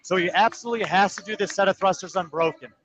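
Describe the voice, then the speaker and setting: A man giving live play-by-play commentary on a fitness competition, calling times and placings in quick, precise detail. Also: high-pitched, a crowd in the background, low-quality recording. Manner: rapid, precise, number-heavy calling. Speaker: sports commentator.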